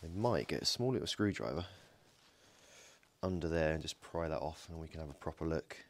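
A man's voice: a bass voice, fairly quick. A man hosting a casual workshop video, joking and thinking aloud as he takes apart a battery pack. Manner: joking, thinks aloud while working, frequent ums and self-corrections. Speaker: DIY electronics video host. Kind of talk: casual hands-on teardown narration. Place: home workshop.

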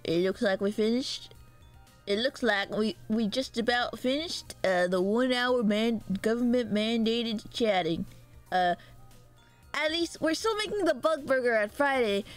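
Giggly, rambling young woman streamer. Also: fairly high pitch. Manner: rambling, giggly, chatting with viewers. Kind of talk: casual livestream chat.

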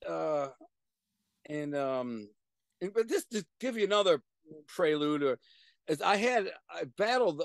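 A middle-aged man, a guest on a video-call interview, telling profane street stories in an animated way with sudden loud bursts. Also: a little high, clean tone, dry recording. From Detroit, USA. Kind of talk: casual storytelling.

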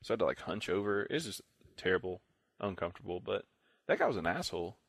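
Low-voiced young man telling a rambling story. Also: big pitch swings, fast, creaky, fairly bright tone, breathy edge, no room sound. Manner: rambling storyteller, acts out other players' lines. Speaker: podcast co-host. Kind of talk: casual chat.

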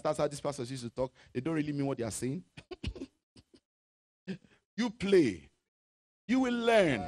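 A male pastor from Nigeria preaching a sermon, chanting scripture and swinging from loud shouts to low asides. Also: animated, moderate pace, pauses often. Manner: reads scripture aloud in a chanting, sung tone.

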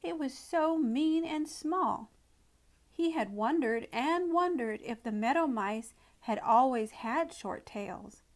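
Storyteller: a woman with a fairly high voice, reading a children's tale slowly and expressively. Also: lively intonation. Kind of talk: storybook read-aloud narration.

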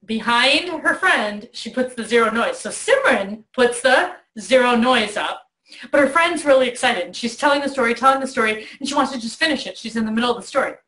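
A middle-aged woman hosting a talk, telling a lively story to a child in a bedroom. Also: a little high, fairly quick, echoey room. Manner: animated storyteller, acts out voices in quotes. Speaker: host. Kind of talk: warm storytelling to a child on video.

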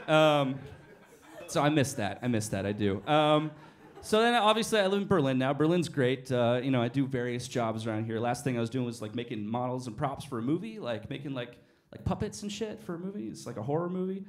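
A man telling stand-up stories on a small cafe stage, animated and swearing freely as he acts out each scene. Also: fairly high pitch, fast. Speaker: stand-up comedian. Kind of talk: stand-up storytelling.

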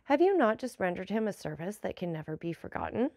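Storybook young gentleman, earnest and eager, gravelly hint, dry sound, read by a woman. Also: medium pitch, very animated, fast talker, dry recording.

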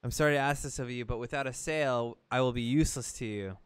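A man's voice: medium pitch, fast talker, clean tone, close to an everyday voice. A man voicing a wise, solemn talking boat who guides a hero, reading game dialogue aloud on stream and tripping over words. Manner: reads text boxes aloud, stumbles on words.

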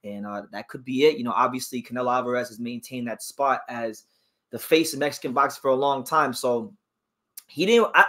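A man's voice: on the high side, sharp tone. A man hosting a casual boxing livestream, reading viewer comments aloud and giving his opinions on fighters. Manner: chatty, reads viewer comments aloud and reacts. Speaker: boxing channel host.

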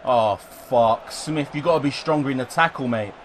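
A man from England commentating live on his own football video game, excitable and swearing, swinging between yelling at the players and deflated muttering. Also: mid-range voice, normal speed, a little hiss or hum. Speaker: gaming YouTuber.

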